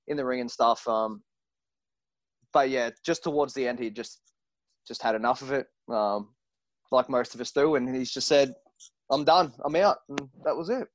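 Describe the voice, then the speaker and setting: A man's voice: medium pitch, no echo. A man who wrestles for a living, telling stories in a casual interview. He swears freely and acts out what other people said. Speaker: professional wrestler guest. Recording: dull lo-fi recording.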